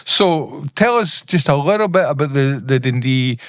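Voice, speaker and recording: A man's voice: medium pitch, lively intonation, normal speed. A man hosting a podcast, chatting and prompting his guest with questions. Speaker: podcast host. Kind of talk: interviewing a guest.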